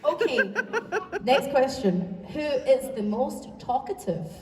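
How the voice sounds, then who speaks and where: A woman's voice: sits high, lively intonation, slow pace. A woman from the UK with a Scottish accent, moderating a live convention panel in a chatty, self-deprecating way, recorded from the audience on a phone. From United Kingdom. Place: large convention hall. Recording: echoey hall, far off, crowd noise.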